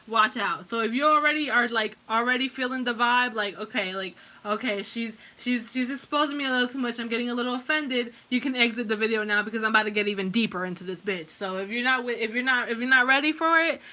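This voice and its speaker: Woman doing a tarot reading, sharp bright voice, swears a lot, rambles and restarts. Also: on the high side, fast talker, hardly any pauses. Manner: blunt and heavily profane, talks straight to the viewer; rambling, with frequent restarts and filler words. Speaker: tarot reader. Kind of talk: casual pick-a-card tarot reading.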